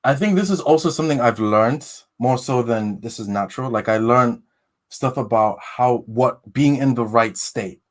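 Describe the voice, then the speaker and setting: A man's voice: mid-range voice, moderate pace. Guy on a podcast, hesitant and rambling, keeps restarting, mid-range voice. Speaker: podcast guest. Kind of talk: casual chat.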